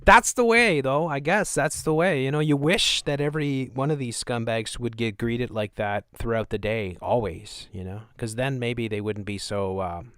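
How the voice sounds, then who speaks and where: Sarcastic male streamer, mid pitch, dry close sound, mocking the news. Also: fairly even intonation, moderate pace, few pauses, smooth, no echo. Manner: sarcastic, mocking, chuckling asides. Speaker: live-stream host. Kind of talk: live commentary on news clips.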